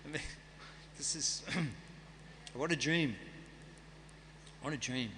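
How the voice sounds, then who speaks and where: A man's voice: a little high, takes it slowly, sharp tone, big-room sound, slight background noise. A man giving a scripture class, reading and chanting verses and then explaining them in a conversational way. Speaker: guest speaker at a temple festival. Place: temple hall.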